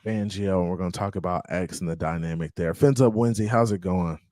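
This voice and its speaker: A man's voice: low voice, quick pace, darkish tone, no echo. A man hosting a casual chat in an upbeat way, often repeating himself. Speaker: host.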